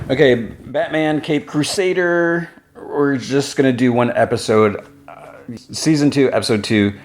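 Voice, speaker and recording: A man hosting a podcast, recapping an animated episode in a chatty, rambling way with lots of fillers and restarts. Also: on the low side. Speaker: podcast host.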